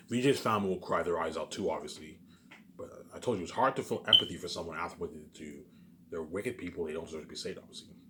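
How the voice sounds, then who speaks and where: Alone on camera, a vlogger from Canada delivers a repetitive, rambling monologue laced with frequent swearing and emphatic stresses, constantly using the word "obviously". His voice is low-pitched, with background noise in the clip.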